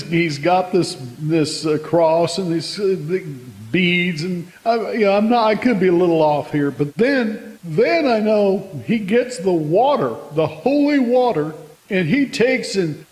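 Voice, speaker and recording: A man's voice: high-pitched, darkish tone, big-room sound, poor audio. Giggly rambling man retelling a film. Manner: rambling, giggly storytelling with many restarts. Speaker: comedic movie recapper.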